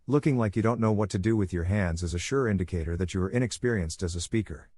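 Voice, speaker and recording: Male audiobook narrator, lowish voice, measured read, dry close sound. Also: a little mellow, husky, no echo. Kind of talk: scripted narration.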